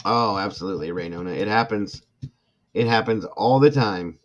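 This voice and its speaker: A middle-aged man with a fairly low voice rants with indignant passion on his true crime livestream, pausing to read out chat and apologize. The sound is dull and lo-fi. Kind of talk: casual livestream talk reading chat.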